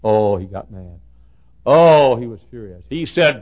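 An older man preaching a sermon, telling stories with many repeats and swinging between loud bursts and hushed asides. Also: mid-range voice, lively intonation, unhurried. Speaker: pastor. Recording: dull lo-fi sermon recording.

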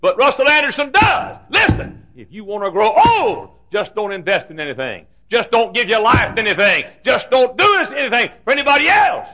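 A man in his fifties preaching a sermon in a folksy, joking way, repeating himself and bursting into shouts. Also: very high voice, big pitch swings, a little fast, few pauses. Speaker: pastor. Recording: dull lo-fi recording.

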